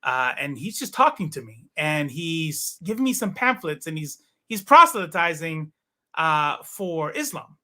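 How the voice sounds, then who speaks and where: Bright-voiced man telling his story haltingly. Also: fairly high pitch, sing-song. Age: 40s. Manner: halting, many fillers and restarts. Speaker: podcast guest. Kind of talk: casual interview storytelling.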